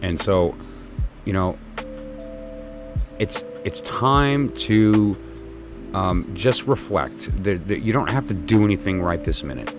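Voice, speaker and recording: A man's voice: low voice, animated, slow pace, pauses often, music in the background. A middle-aged man, a tarot reader, telling a personal story in a reflective, meandering monologue with many restarts and fillers. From New York.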